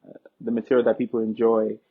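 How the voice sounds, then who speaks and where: A young man from Nigeria, telling stories as an interview guest in a relaxed, joking way. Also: medium pitch, fast talker. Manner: relaxed, joking, breaks into quoted dialogue. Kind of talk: casual interview storytelling. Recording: tinny phone-like line.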